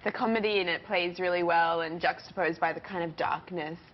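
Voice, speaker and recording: A woman's voice: lowish voice, fairly even intonation, brisk. A woman, an actress guest on a TV show, explaining a film with thoughtful enthusiasm. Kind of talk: TV interview answers. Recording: dull lo-fi sound with faint noise.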